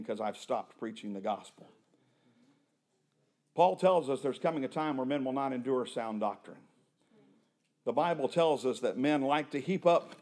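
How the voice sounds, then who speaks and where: A man preaching a sermon to a church congregation, rising to loud emphatic peaks and dropping to low, hushed lines. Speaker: pastor.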